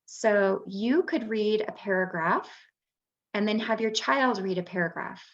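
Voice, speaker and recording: An unhurried woman walking parents through reading skills, taking her time with each point and pausing to find her words. She sounds like the teacher she used to be, patient and explanatory. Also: mid-range voice, highs cut off. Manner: patient, many "um" pauses. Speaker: parent workshop presenter, former teacher. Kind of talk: explanatory presentation.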